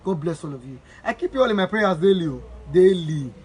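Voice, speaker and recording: High-voiced Nigerian man blessing supporters. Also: lively intonation, a little fast, a little mellow, low-quality recording. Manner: earnest, repetitive, blessing-giving. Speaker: charity foundation founder. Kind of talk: live video address to supporters.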